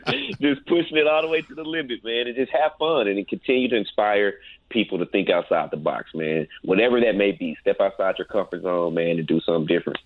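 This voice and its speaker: A man's voice: lowish voice, a little fast, no echo. A man guesting on an interview as a paranormal investigator, telling a story in a laid-back, casual way and often saying "man.". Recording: tinny phone-like line.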